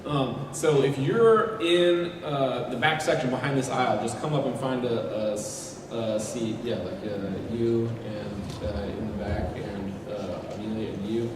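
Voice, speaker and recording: Brief: male musician coaching a crowd, mid-pitched, recorded from far off in an echoey hall with background noise. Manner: halting, self-correcting, many fillers. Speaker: musician leading a crowd sing-along. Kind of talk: live panel Q&A, coaching an audience. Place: large convention hall.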